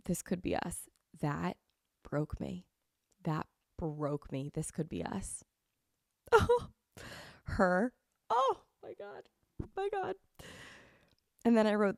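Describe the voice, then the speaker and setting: A woman's voice: lowish voice, creaky, darkish tone, dry recording, clean studio sound. A young woman hosting a podcast, chatting casually and gushing effusively, with a slight cold. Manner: gushing, effusive, repeats herself. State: has a cold, sniffly. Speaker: podcast host. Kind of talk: casual chat.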